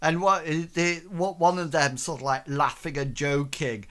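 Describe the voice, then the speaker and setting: A man's voice: a little high, little pitch movement, measured pace, sharp tone. A man narrating a tabletop game as game master, hesitant and full of fillers.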